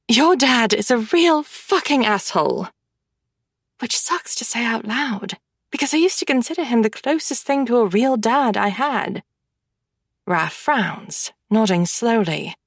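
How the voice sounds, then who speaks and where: A woman's voice: fairly high pitch, expressive, measured pace, dry recording, studio quality. A woman reading a first-person audiobook, with a wry, blunt manner. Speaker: audiobook narrator. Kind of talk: scripted first-person narration.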